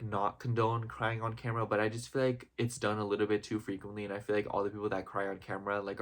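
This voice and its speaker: A young man talking in a casual, heartfelt vlog, rambling with constant "like" and "you know" and openly emotional and gushing. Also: on the low side. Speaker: vlogger.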